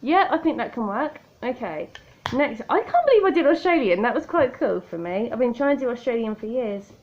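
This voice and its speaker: A woman with a higher-pitched, very animated voice talks briskly and pokes fun at herself while doing a makeup tutorial at home, addressing the viewer directly. She's a makeup vlogger in an indoor room beside a window, and the tablet-camera recording sounds lo-fi.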